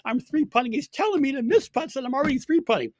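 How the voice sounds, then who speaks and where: A man putting on a shrill upset young woman golfer. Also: animated, quick pace, dry recording, studio quality. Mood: indignant. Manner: indignant complaining retelling. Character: upset young female college golfer, frustrated.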